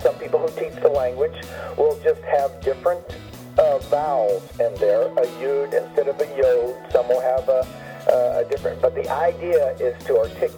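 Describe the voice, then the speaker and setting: A man on a radio phone-in patiently explaining the Hebrew alphabet, slowly repeating and spelling out each letter. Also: mid-range voice, dark tone. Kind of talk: patient spoken lesson on a radio call. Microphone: telephone. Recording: dull lo-fi phone line with faint music.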